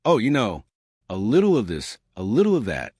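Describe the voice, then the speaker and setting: A man's voice: fairly low pitch, huge pitch swings, normal speed, darkish tone, breathy edge, dry recording, clean studio sound, heavily acted. A man voicing a laid-back, teasing head of alien relations with a casual, breezy manner.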